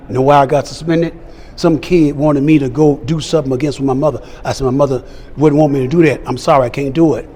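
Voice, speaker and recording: An older man tells stories in a fairly high voice, punching his words and acting out every quoted line. Faint noise hangs behind him at a fan convention. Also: a little mellow. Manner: emphatic, acts out quoted dialogue. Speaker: celebrity guest. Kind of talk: storytelling interview.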